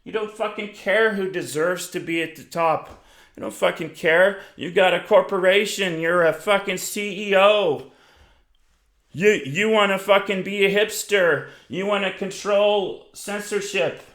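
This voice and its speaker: A man's voice: high-pitched, steady tone, measured pace, fairly bright tone. Angry, profane man ranting in an echoey room. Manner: profane, aggressive, grandiose, addresses listeners as "you". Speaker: self-styled lecturer.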